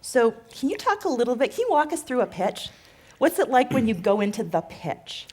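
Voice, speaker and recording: A woman's voice: fairly high pitch, sing-song, a little fast, a little mellow. A woman hosting a live onstage interview, asking earnest, thoughtful questions with a few restarts. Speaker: interviewer, host.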